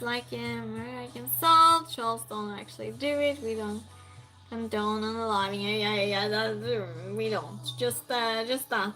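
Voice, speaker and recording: A woman's voice: on the high side, bright, forceful tone, rough recording. A woman hosting a trivia game on a live stream, chatting casually and reading out and answering viewers' messages. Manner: chatty, reads chat aloud and answers viewers.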